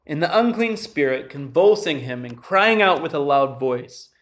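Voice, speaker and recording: A man's voice: a little high, lively intonation, moderate pace, a bit bright. A man preaching a sermon to his congregation, earnestly asking them questions and reading scripture. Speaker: pastor.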